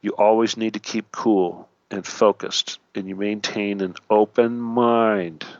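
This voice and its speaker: Low-voiced man hosting a radio talk show. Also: fairly even intonation, takes it slowly, dry recording, dull audio. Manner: preachy, repeats "okay" and "all right", jokey asides.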